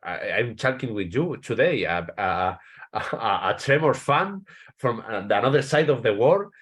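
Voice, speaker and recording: A man's voice: mid-range voice, animated, fairly bright tone, breathy edge. A man from Spain with a Spanish accent, a writer interviewed as a guest, speaking English as a second language with many restarts. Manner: halting, many restarts, searching for English words. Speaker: author, guest. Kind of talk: interview answers.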